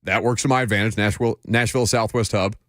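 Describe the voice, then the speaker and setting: A man's voice: lowish voice, fairly even intonation, fast talker, fairly bright tone, no echo, clean studio sound. A man hosting a sports radio show, talking in a wry, teasing, chatty way. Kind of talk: casual sports radio banter.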